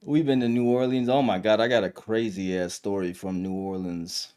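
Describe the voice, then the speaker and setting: A man's voice: fairly low pitch, fairly even intonation, normal speed, a little mellow, clean tone. Give me a slangy guy chatting on a live stream. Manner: loose storytelling, lots of slang and fillers. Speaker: live stream podcast host. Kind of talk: casual live stream chat.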